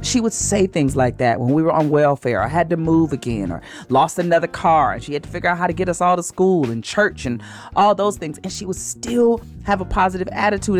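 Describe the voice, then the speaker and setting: Woman morning-show host, slow soothing devotional delivery, lowish voice over faint music. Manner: slow, soothing, preacherly encouragement. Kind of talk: inspirational morning devotional talk.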